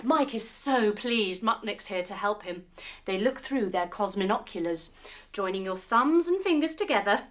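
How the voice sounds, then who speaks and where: Animated woman telling a kids' yoga story. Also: mid-range voice, normal speed, slight background noise. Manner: animated, with sound effects and instructions. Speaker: teacher.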